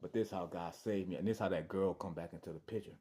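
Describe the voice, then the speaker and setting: Low-voiced man telling a story. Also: quick pace. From Detroit. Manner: animated, acts out voices, restarts and repeats words. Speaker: storyteller sharing his testimony. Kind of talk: casual personal storytelling.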